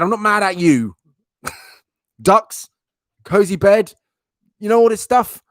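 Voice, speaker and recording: Animated man chatting with viewers. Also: high-pitched, slow pace, dry recording, clean studio sound. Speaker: live-stream host. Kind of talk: casual live-stream chat.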